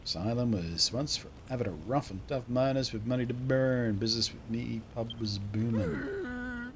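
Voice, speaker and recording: A man voicing a washed-up old tavern keeper in a game who grumbles gruffly at strangers. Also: mid-range voice, sing-song, moderate pace, a little hiss or hum. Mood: grumbling.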